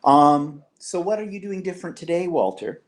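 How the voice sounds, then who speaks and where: A Canadian man co-hosts a live online show, chatting casually in a voice on the high side with big pitch swings and a moderate pace. He's chatty and teasing, reading viewer comments aloud.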